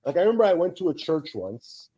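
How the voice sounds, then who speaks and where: A fast-talking co-stream host in his thirties, with a fairly high, slightly rough voice, chats casually through long, rambling anecdotes. He animatedly imitates the people he quotes, and the sound is lo-fi.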